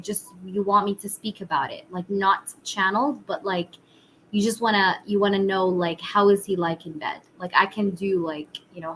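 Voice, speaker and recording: A woman with a husky voice giving casual tarot readings on a live stream, chatting with viewers and using many fillers. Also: medium pitch, fairly bright tone, a little hiss or hum, low-quality recording. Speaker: tarot reader.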